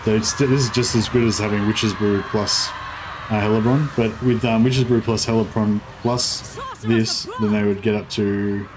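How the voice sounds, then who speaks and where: A man's voice: on the low side, steady tone, normal speed, noisy background. Rambling male game streamer. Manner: rambling, filler-heavy, explains game mechanics. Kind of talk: casual live-stream commentary.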